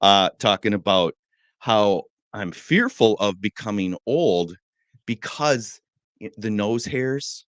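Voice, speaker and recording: A middle-aged man co-hosting a morning show, telling rambling, joking stories in a relaxed chat. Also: fairly low pitch, takes it slowly, no room sound. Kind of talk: casual chat.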